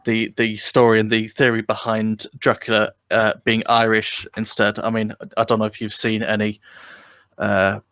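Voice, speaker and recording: A man's voice: fairly low pitch, completely flat delivery, normal speed, a bit bright, no echo. A British man co-hosting a comedy podcast, chatting casually with a lot of ums and restarts. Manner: chatty, hesitant with many fillers. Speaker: podcast co-host. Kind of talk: casual chat.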